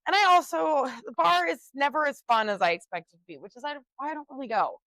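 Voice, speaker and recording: High-pitched, profane young woman. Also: expressive, fast talker, no echo, rough recording. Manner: profane, loud storyteller. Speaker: podcast co-host. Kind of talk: casual chat.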